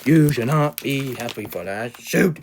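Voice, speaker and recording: A man's voice: medium pitch, normal speed, slight background noise. A young man delivering an unscripted, heated fan rant, insulting his target and often stumbling and restarting mid-sentence. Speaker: fan ranter. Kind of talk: unscripted ranting commentary.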